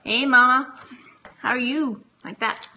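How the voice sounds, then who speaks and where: A woman's voice: high-pitched, steady tone, measured pace, noisy background. A woman from Texas chatting casually on a phone livestream, giggly and rambling as she talks to viewers. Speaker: reseller vlogger.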